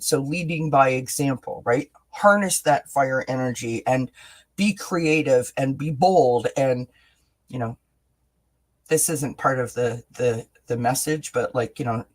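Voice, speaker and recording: A man hosting a live tarot reading, encouraging and halting, with many fillers and restarts. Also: fairly high pitch. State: briefly emotional. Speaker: tarot reader, host.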